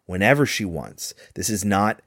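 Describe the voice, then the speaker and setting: Low-voiced man chatting about films. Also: sing-song, normal speed, fairly bright tone, no room sound, studio quality. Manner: chatty, analytical, acts out quotes. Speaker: podcast co-host. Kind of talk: casual film discussion.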